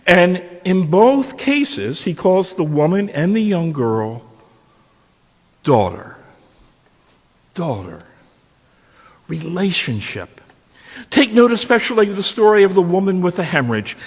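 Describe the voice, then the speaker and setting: High, lively preacher in a reverberant hall. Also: male voice, normal speed. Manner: storytelling with rhetorical questions. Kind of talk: sermon. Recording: long reverb of a large hall.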